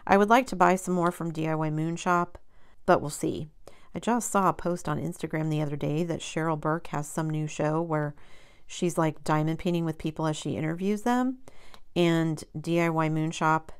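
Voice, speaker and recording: A woman's voice: low-pitched, normal speed, clean tone. A woman hosting her own crafting channel, talking in a rambling, chatty way with many ums and self-corrections. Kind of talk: casual chat.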